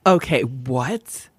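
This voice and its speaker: A woman's voice: mid-range voice, breathy edge, no echo. Young woman guest, gasps n groans a lot, voice jumps all over, dry close sound. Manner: expressive reactions, gasps and groans. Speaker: podcast guest. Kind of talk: casual chat.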